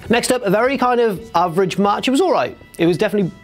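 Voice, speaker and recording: Young host, casual and jokey, slightly higher voice, faint music underneath. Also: male voice, lively intonation, rapid-fire. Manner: jokey, chatty, breaks into silly impressions. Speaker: host of a wrestling recap show. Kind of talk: casual chat, recap.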